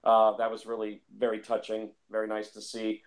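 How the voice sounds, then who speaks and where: A man's voice: lowish voice, monotone, normal speed. A man talking casually about films, rambling and repeating himself with lots of fillers. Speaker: film reviewer. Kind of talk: casual film discussion.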